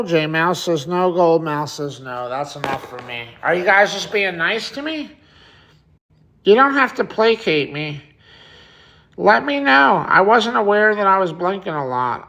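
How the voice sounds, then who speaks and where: Guy doing a live stream, slow talker, bright tone, quizzes the chat and swears a lot. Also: fairly high pitch. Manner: chatty, quizzes viewers, swears freely. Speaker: livestream host. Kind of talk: casual livestream chat reading comments.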